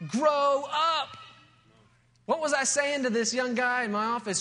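A man with a high, light voice preaches a sermon. He moves from storytelling into emphatic, rising declarations. His voice rings with the long reverb of a large church hall. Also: measured pace, pushed and bright. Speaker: pastor.

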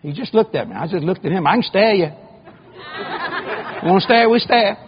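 A man's voice: high voice, expressive, brisk, highs cut off, a crowd in the background, background noise. A man preaching a sermon and telling stories from his own life, speaking boldly and often repeating words as he builds a point. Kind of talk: sermon with personal anecdotes.

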